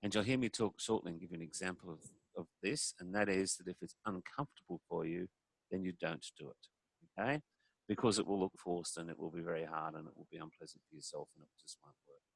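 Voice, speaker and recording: Deep-voiced man, gravelly, dry close sound, talking to a room about communication. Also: quick pace, dry recording. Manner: conversational, demonstrates voices while explaining. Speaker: speaker on communication. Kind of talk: presentation talk.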